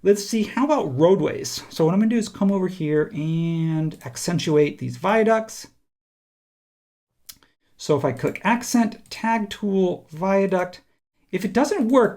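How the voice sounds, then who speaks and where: Relaxed man walking through a software tutorial. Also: high-pitched. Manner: relaxed, conversational, thinks aloud while clicking. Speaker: instructor. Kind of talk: screen-recorded software tutorial.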